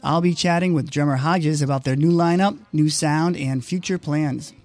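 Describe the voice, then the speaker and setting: A man's voice: fairly high pitch, normal speed, darkish tone. A man hosting a podcast, reading a friendly, upbeat scripted introduction. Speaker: podcast host.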